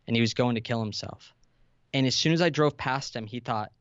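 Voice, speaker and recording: Young male guest, earnest storyteller, dry flat-sounding mic. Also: medium pitch, a little fast, clean tone, no room sound, highs cut off. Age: 20s. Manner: earnest, vulnerable, builds to intense emphasis. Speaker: podcast guest, entrepreneur. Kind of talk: emotional storytelling in conversation.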